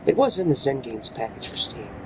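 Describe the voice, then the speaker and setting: Playful, lively-voiced gamer man. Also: mid-range voice, a little fast, noisy background. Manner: playful, coos baby talk at the game character, swings from mutters to exclamations. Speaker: let's play gamer. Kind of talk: casual gameplay commentary. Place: home room with his dogs nearby.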